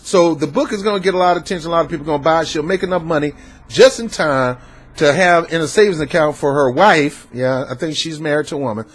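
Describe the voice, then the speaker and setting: Man, slightly high voice, emphatic commentator who repeats his points and talks back at the people he covers. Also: quick pace. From Southern United States. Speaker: political commentator. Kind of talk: ranting political commentary.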